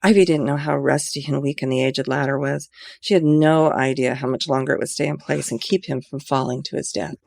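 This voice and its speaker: A woman's voice: very deep voice, steady tone, brisk, creaky, a little mellow, dry recording. A woman author reading her own mystery novel aloud in an earnest, amateur way.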